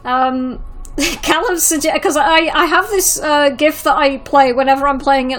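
A woman's voice: high-pitched, steady tone, unhurried, fairly bright tone, faint music behind. A woman hosting a gaming podcast in a casual, chatty way, with plenty of fillers and restarts. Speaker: podcast host. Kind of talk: casual radio-style chat.

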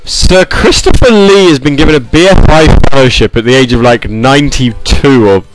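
A man's voice: mid-range voice, normal speed, low-quality recording. A man hosting a gaming and music stream, chatting casually and rambling with fillers and asides. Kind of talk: casual chat.

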